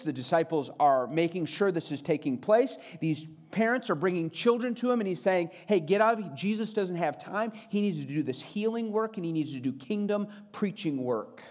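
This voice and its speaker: A man delivers a sermon in an earnest, teaching manner. His voice sits a touch higher than typical for a man, and he slows down and speeds up to stress his points. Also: a little mellow. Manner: earnest, varies pitch and pace for emphasis. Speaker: pastor.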